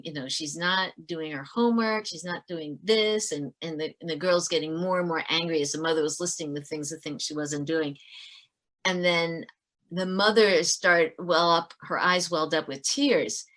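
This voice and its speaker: Earnest woman telling teaching stories. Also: sits low. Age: middle-aged. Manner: earnest, animated storyteller with many restarts. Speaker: podcast guest, author and former teacher. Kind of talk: storytelling in a podcast interview.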